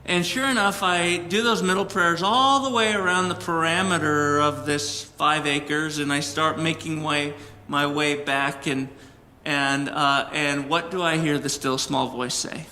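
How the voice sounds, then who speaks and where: A man preaching a sermon as a personal story, earnest and animated, with emphatic peaks. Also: fairly high pitch, unhurried, hardly any pauses, in a large hall, slight background noise. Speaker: pastor.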